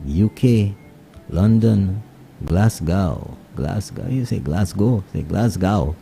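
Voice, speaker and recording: A man with a Saint Lucian accent hosting a morning radio show, greeting listeners and mixing English with Kweyol in lively casual chat. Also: fairly low pitch, slow, creaky, faint music behind. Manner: switches between English and Kweyol, animated greetings.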